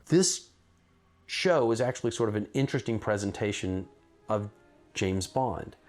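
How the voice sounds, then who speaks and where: Measured male documentary narrator, low register. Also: animated, darkish tone, faint music behind.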